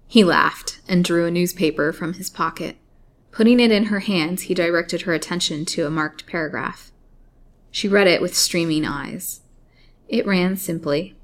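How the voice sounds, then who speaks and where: A woman with a lowish voice reads a serialized melodrama aloud in a measured, dramatic way. Her storytelling is steady and deliberate, a classic read-aloud. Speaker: narrator. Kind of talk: storybook reading of a serialized novel.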